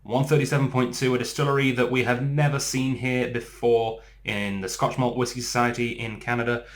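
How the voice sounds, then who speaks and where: A man with an English accent, hosting a casual whisky tasting vlog in an excitable, enthusiastic way. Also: mid-range voice, moderate pace. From England. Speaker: whisky reviewer.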